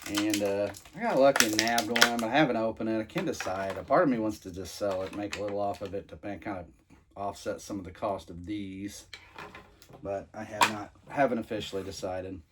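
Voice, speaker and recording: A man's voice: fairly low pitch, a little fast, noisy background. A man casually reviewing toys he is unboxing, rambling with many fillers and restarts. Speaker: toy reviewer.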